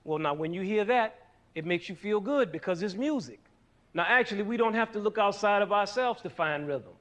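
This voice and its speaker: A man with a fairly high voice leads a lesson on rhythm. He is animated and keeps asking his listeners questions, pausing for them to call out the answers. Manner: animated, asks the audience questions. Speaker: music teacher.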